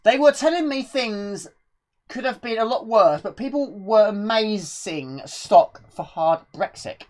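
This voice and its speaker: A woman's voice: medium pitch, animated, measured pace, a little mellow. A woman live-streaming a retro game, chatting casually and out of breath, rambling and answering chat questions as she plays. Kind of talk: casual gameplay commentary.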